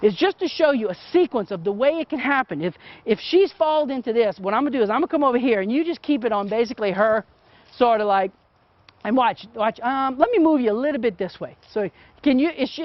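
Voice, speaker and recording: A middle-aged man with a very high, expressive voice talks fast while teaching photography hands-on, chatting casually and constantly checking in with "okay?". The recording is dry, with no room sound, but dull and muffled.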